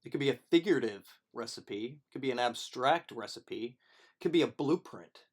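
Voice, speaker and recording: A man's voice: medium pitch, animated, fairly quick. A man, a film teacher, chatting playfully and rambling through a casual livestream to his students.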